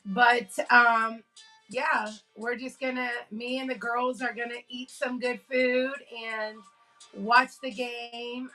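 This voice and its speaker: Streaming casually from her home, a woman chats like a storyteller, laughs often, and says hello to her chat. The audio is poor, and her slightly high voice comes across pushed and bright.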